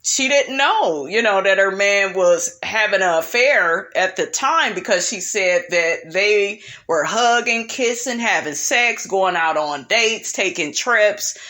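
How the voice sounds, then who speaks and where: A woman's voice: medium pitch, lively intonation, takes it slowly, hardly any pauses, sharp tone. A woman recapping a reality TV episode in a sassy, opinionated gossip style, calling her listeners honey and child.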